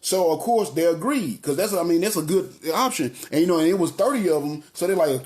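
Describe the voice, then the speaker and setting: Male preacher with a higher voice, laid-back street talk, preaching to the congregation. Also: expressive, normal speed, darkish tone. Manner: street-talking, chatty, addresses the congregation as y'all. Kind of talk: casual, conversational sermon.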